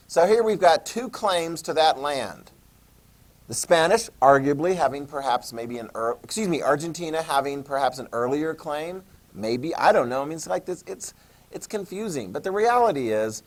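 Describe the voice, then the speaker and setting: A man teaching a history class, joking and checking in with questions. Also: mid-range voice. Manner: jokey, asks the class questions, "okay?" checks. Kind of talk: classroom lecture.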